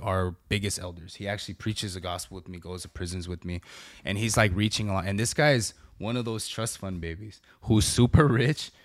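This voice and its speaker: A middle-aged man with a fairly low voice talks in an earnest, casual way. He keeps adding "bro" and "right?" as he shares stories from his church life. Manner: earnest and conversational, peppers speech with "bro" and "right?". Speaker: podcast guest, church preacher. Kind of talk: casual chat.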